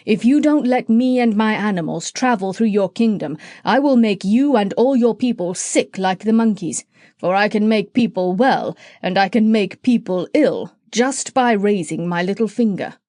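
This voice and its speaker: A woman voicing a clever, bossy female parrot in a storybook, speaking in a brisk, assured way. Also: medium pitch, animated, darkish tone, dry recording, studio quality, lightly acted. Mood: commanding.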